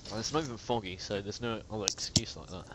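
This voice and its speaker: A man's voice: on the low side, fast, heavy background noise. A man hosting a let's play, chatting and reading game dialogue aloud in a joking way. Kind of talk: casual game commentary.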